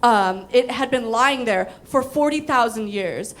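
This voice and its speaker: A woman's voice: a little high, unhurried, fairly bright tone. A young woman doing stand-up, telling a story with casual swearing and frequent giggles. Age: young adult. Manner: giggly, breaks into laughter. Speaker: comedian.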